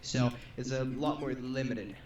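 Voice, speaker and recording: A Norwegian man speaking English with a hybrid accent, answering viewer questions in a halting, casual way. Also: mid-range voice, steady tone, highs cut off, crowd noise. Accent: Norwegian-tinged English. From Norway. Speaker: co-host guest. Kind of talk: casual livestream chat. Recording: distant, roomy, noisy mic.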